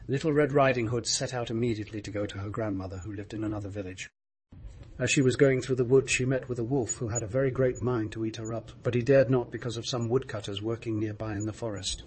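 Man with a steady storybook narration. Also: lowish voice, fast talker, a little hiss or hum.

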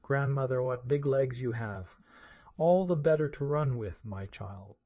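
A man voicing a cunning, hungry wolf who speaks in a low, sly, coaxing way. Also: unhurried, lo-fi sound, close to an everyday voice.

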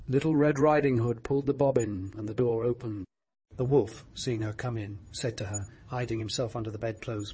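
A man narrating a fairy tale in a steady, measured storybook reading. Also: mid-range voice, a little hiss or hum.

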